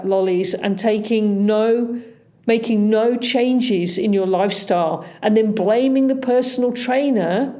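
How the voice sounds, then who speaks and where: A woman dentist explaining gum disease in a measured, emphatic lecturing manner, repeating key words for stress. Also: a little high, dark tone. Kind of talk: health explainer.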